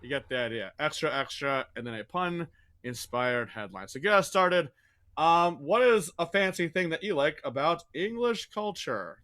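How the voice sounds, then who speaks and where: A man's voice: on the high side, sing-song, moderate pace, bright, forceful tone. A man explaining and calling on players for an improv game over a video call, with rambling self-deprecating asides.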